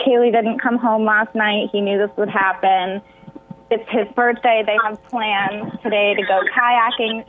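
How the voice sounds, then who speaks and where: A woman guest on a radio interview, telling a personal story with emotion that sometimes breaks into tears. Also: fairly high pitch. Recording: tinny phone line.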